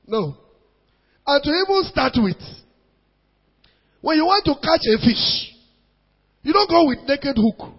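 Animated Nigerian pastor in a big hall. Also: male voice, extremely high pitch, measured pace, gravelly, long pauses. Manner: animated storytelling in Nigerian Pidgin mixed with English, acting out voices. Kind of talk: preaching sermon to a congregation. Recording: dull recording in a large reverberant hall.

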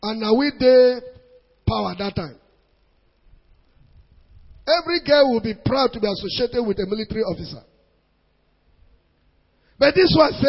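Nigerian man, middle-aged, husky high-voiced preacher, dull lo-fi hall recording. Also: normal speed, long pauses. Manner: animated storytelling in Nigerian Pidgin mixed with English, acting out voices. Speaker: pastor. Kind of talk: preaching sermon to a congregation.

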